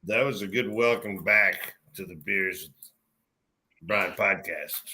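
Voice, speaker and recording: A man's voice: low voice, takes it slowly, pushed and bright. A man co-hosting a casual podcast, joking around with profane banter. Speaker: podcast co-host. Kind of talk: casual chat over beers.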